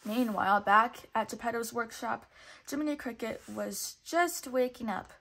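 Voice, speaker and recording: A woman, a teacher, reading a children's storybook aloud in a clear, expressive way. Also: mid-range voice, normal speed. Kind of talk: storybook read-aloud narration.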